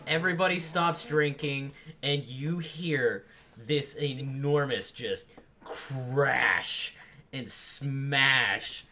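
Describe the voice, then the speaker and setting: A man narrating a tabletop role-playing game as game master, in a relaxed way with frequent fillers. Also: fairly high pitch.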